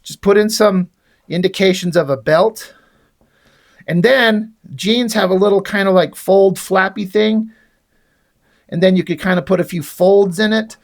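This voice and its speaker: A man's voice: high-pitched, unhurried. A man casually reviewing a comic book and sketching on it as he talks, sarcastic, rambling and profane. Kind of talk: casual video review, drawing while talking.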